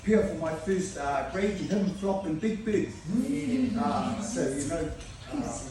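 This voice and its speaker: A man's voice: sits high, lively intonation, slow, dark tone. A man with a New Zealand accent telling a casual story in a speech to a jiu-jitsu club, swearing often, laughing a lot and using many fillers. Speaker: jiu-jitsu training partner giving a speech. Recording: echoey room, distant mic, background noise.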